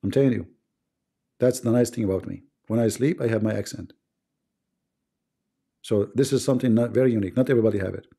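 A man's voice: on the low side, quick pace, creaky, long pauses, warm tone. A man with a foreign accent hosting a live stream, reading viewer comments and teasing his audience. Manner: joking and teasing, often laughing.

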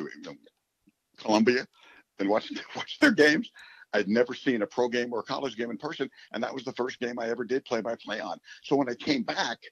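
A man in his seventies from New York City, a radio play-by-play announcer, telling rambling, animated stories in a casual interview. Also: mid-range voice, husky, no echo. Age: 70s. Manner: animated, rambling storyteller who acts out quotes. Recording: dull, dry recording.

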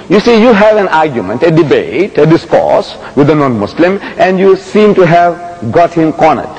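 Animated male lecturer in a reverberant hall. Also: on the high side, slightly rough. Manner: animated storytelling, emphatic repetition, rhetorical questions. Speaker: Islamic lecturer. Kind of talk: public lecture to an audience.

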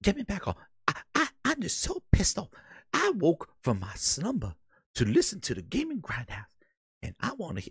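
A man doing a comic impression of a famous console architect: a low, muttering voice, indignant and swearing. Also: slightly rough, dry recording, studio quality, exaggerated voice. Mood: grumbling. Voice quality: low, muttering, mumbled under the breath.

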